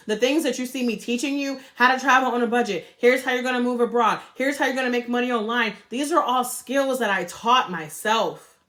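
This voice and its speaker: A woman's voice: on the high side, a bit bright. A woman vlogger giving a fired-up motivational talk straight to her viewers, preachy and blunt, swearing freely. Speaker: travel and money vlogger.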